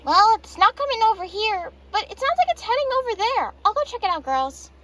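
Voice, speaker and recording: Woman voicing excitable anime schoolgirls, super high and bouncy, plush toy skit. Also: exaggerated voice. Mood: lively. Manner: excitable, quick back-and-forth chatter. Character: anime schoolgirls at a sleepover, girlish. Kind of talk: plush toy video voice acting.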